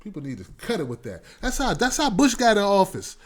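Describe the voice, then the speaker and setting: A male talk show host giving casual political commentary, animated and repetitive, often laughing. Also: high voice, brisk.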